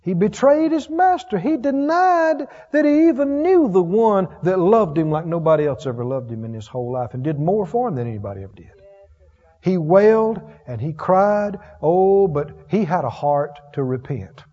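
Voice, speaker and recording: Folksy high-voiced preacher in a hall. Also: male voice, big pitch swings, normal speed. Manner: folksy, chuckling, swings from loud to hushed. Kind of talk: sermon. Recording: dull reverberant hall sound.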